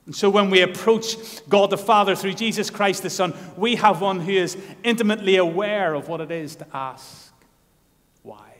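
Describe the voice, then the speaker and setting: A man preaching a sermon in a church, impassioned and building to loud, emphatic peaks. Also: high-pitched, moderate pace, in a large hall.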